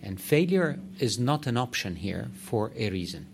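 A man's voice: mid-range voice, very animated, normal speed, creaky, a little hiss or hum. A man executive giving direct, emphatic remarks to a meeting. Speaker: organization executive addressing a meeting. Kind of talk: conference remarks.

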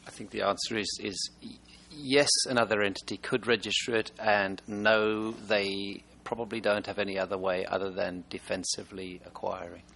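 A man fields questions after his conference presentation. His low voice has a rough, gravelly texture and a bright, forward edge. He answers haltingly, restarting and repeating words as he goes. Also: flat delivery, slight background noise.

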